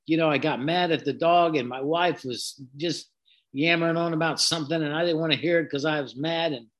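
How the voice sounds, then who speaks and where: A man's voice: fairly high pitch, fairly even intonation, a little fast, fairly bright tone. A man hosting a Christian podcast, teaching in an earnest, reflective, conversational way with folksy asides.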